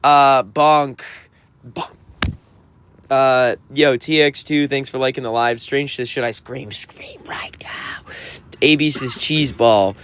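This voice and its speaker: This touring musician's mid-range voice is steady and fairly bright, and he talks a little slowly as he reads chat on a livestream. He answers the comments with playful sass and fake offense. Slight background noise can be heard.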